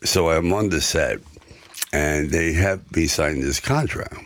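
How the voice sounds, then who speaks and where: A man guest telling stories from his own life in a conversation, animated and acting out the people in them. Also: a bass voice, unhurried, no echo. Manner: animated storyteller who acts out the voices in his anecdotes. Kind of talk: storytelling in a conversation.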